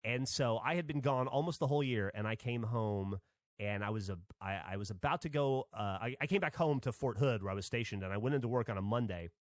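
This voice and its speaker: A man's voice: mid-range voice, quick pace, no room sound, studio quality. A man from Alabama, a podcast host, telling a rambling story in casual chat and swearing freely.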